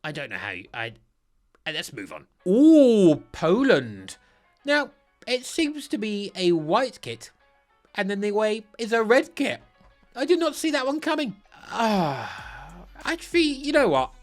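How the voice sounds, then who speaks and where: Giddy, animated man ranking kits. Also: high voice, a little slow, soft background music. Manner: playful, giddy, self-mocking; restarts and stutters often. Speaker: football kit reviewer. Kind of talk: casual ranking commentary.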